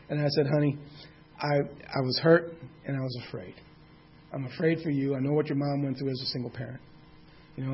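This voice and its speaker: A man's voice: fairly high pitch, creaky, lo-fi sound, a little hiss or hum. A man in his sixties sharing his own story of recovery in a candid, plainspoken way, with a mild curse now and then. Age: 60s. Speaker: speaker sharing at a recovery meeting. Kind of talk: personal testimony.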